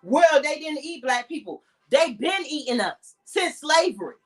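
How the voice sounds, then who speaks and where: A woman with an African American English accent rants bluntly and heatedly, cursing freely as she hosts her podcast. Her voice sits high, and she talks from a little way off the microphone, so the sound is slightly distant. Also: animated, measured pace, soft background music. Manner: blunt, heated, profane ranting. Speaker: podcast host. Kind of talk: impassioned monologue.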